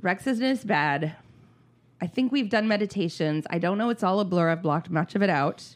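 A woman in casual chat, telling a story with lively acted-out quotes and frequent swearing. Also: lowish voice, moderate pace. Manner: animated storytelling, acts out quotes, swears freely.

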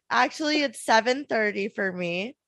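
Woman podcast co-host, upbeat, giggly, high-ish voice, dry close sound. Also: animated, a little slow, vocal fry, a bit bright, no echo. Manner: hyper, laughing, swearing. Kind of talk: casual chat.

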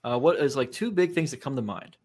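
A man's voice: mid-range voice, lively intonation, brisk, darkish tone. A man hosting a podcast interview, agreeing readily and asking short, direct questions. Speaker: podcast host.

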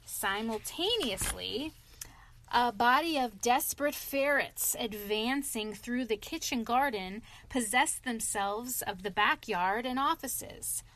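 A woman's voice: fairly high pitch, slow pace, a bit bright. A woman voicing a sensible male water rat who lectures his friend earnestly in a storybook reading. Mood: storytelling.

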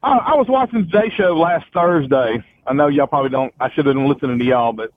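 A man's voice: fairly high pitch, fast talker. A man calling in to a radio show, earnestly laying out a suspicion. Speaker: caller. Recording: tinny phone line.

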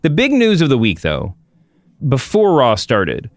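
Man with a smooth voice, rambling podcast host. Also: medium pitch, huge pitch swings, a little slow, dry recording, clean studio sound. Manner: rambling, self-interrupting. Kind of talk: casual podcast chat.

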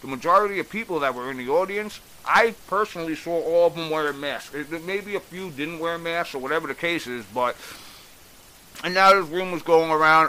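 A man's voice: fairly high pitch, a little fast, sharp tone, poor audio. Exasperated man ranting bluntly. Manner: exasperated, blunt, swears freely. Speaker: commentator. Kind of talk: casual opinion rant. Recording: faint hiss.

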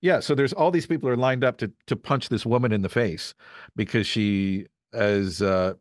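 Speaking at a normal speed in a fairly low voice, this man from Canada, a voice actor, chats casually as a podcast guest. He tells meandering stories and performs small quoted bits as he goes, in a studio-quality recording without room sound.

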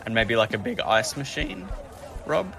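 A man's voice: medium pitch, animated, moderate pace, over music. A man playing in a tabletop role-playing game, joking and teasing the game master. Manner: joking, teasing, laughs often. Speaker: player. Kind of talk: casual tabletop game chat.

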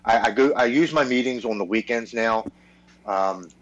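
Male guest, forties, mid-pitched, earnest, stammering restarts, casual podcast talk. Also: normal speed, highs cut off.

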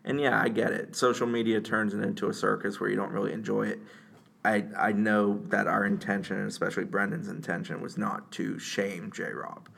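A man co-hosting a casual sports podcast, giving measured, matter-of-fact analysis of players and recruiting. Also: lowish voice, little pitch movement, creaky, fairly bright tone. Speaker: co-host, sports reporter.

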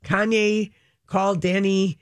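A woman's voice: mid-range voice, level tone, slow, no echo. Chatty woman radio host, dry sound. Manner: chatty, gossipy, reads out press quotes. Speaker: radio entertainment news host. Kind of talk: casual entertainment chat.

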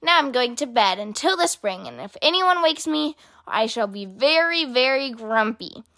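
A woman's voice: sits high, expressive, moderate pace, fairly bright tone. A woman voicing a grumpy male badger in a storybook, spluttering and indignant. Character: grumpy old male badger, huffy and cross.

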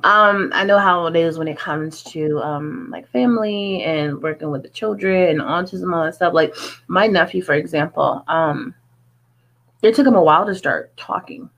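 A woman's voice: on the low side, normal speed, a bit bright. A woman who is a music artist, talking in an earnest, chatty way with many fillers in a casual interview.

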